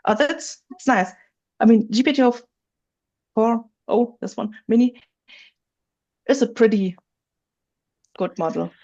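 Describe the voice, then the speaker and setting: Gravelly-voiced woman teaching over a dull call. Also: on the high side, measured pace, long pauses, mellow. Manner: chatty, laughs easily, thinks aloud. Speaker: writing software instructor. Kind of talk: live online workshop teaching. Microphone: video call. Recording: dull lo-fi video call audio.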